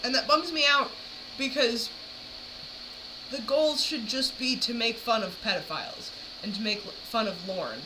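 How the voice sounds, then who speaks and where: A woman's voice: on the high side, measured pace, background noise. A woman talking casually while reacting to a video, rambling with frequent fillers. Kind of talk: casual chat.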